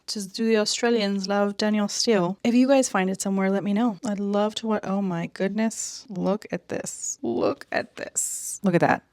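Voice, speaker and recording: A woman's voice: mid-range voice, dry recording, studio quality. A woman giving a casual book review in a chatty, digressive way, full of "like" fillers and playful sarcasm, calling her viewers darling and babes.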